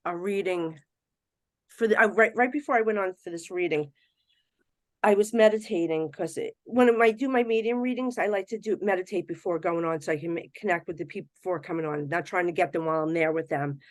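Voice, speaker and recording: Woman guest on a podcast, chatty, animated storyteller, dry close mic. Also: fairly low pitch, normal speed, dry recording. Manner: animated, swings between hushed and excited; chatty with frequent "you know". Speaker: psychic medium guest.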